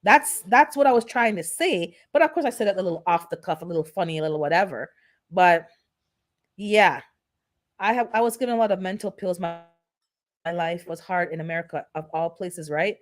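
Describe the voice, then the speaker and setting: A woman's voice: on the low side, brisk. A woman hosting her own channel, chatting casually on a live stream in a blunt, sarcastically funny, rambling way. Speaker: gardening channel host.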